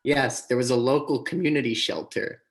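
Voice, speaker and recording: Deadpan man in an improv scene. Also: mid-range voice, normal speed, crowd noise. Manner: deadpan, repeats one boast. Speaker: improv performer. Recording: live stage audio.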